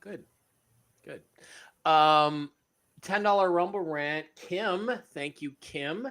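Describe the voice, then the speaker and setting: A man's voice: fairly high pitch, slow pace. A man co-hosting a live stream, reading out viewer donations and their questions. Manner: reads donor messages aloud, animated.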